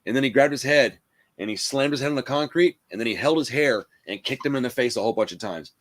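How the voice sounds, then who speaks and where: A man, hosting a casual chat and telling a rough story in a profane, animated way, full of "bro" and "dude.". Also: mid-range voice, fast. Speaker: podcast host.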